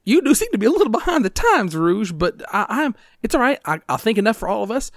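A man's voice: high voice, sing-song, fast talker, no echo, studio quality, pitched above the performer's own voice. A man voicing a panicky, fretting ally in a tabletop game, anxious and stammering. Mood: fussy.

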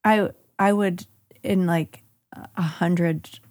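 A woman co-hosting a podcast who keeps tossing in quick playful jokes. Her voice sits at a middle pitch. She is recorded dry and close, with no room echo. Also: animated. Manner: playful, quick jokey interjections. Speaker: podcast co-host. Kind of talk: casual podcast chat.

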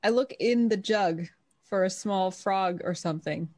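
A woman's voice: medium pitch, unhurried, darkish tone, dry recording. Woman player at a tabletop game.

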